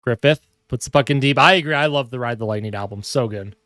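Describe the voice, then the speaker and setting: A young man giving casual live hockey play-by-play from his home, excitable and chatty. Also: mid-range voice, fast, dry recording, studio quality. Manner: excitable calls that break off to coo at his cat. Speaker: fan streamer doing live play-by-play. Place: home room at his monitor.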